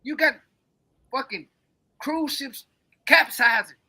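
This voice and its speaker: A man's voice: very high-pitched, takes it slowly, bright, forceful tone. A man co-hosting a podcast, rambling in casual, profane, emphatic chat. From coastal United States. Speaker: podcast co-host.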